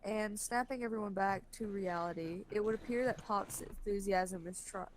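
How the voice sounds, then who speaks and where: A woman's voice: medium pitch, moderate pace, a little hiss or hum, rough recording. A woman narrating a visual novel playthrough with friends, reading the text aloud with wry asides.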